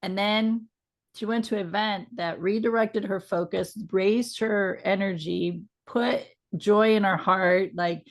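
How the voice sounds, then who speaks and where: A woman co-hosting a podcast, telling a story from work in a relaxed, conversational way with a gently reassuring manner. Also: medium pitch, measured pace. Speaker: podcast co-host.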